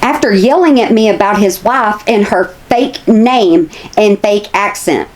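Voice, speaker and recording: A woman's voice: medium pitch, unhurried, darkish tone, a little hiss or hum. A woman, chatting casually to her viewers as a commentary vlogger, repeating herself for emphasis.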